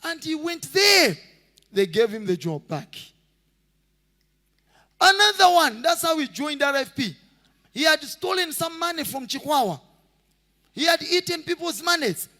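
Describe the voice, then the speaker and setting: A male pastor preaches with a very high, lively voice that swoops up and down. His tone is bright and forceful, and it rings with a long reverb from the hall. He shouts and sings out phrases and acts out the people in his stories. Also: measured pace, pauses often. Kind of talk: sermon.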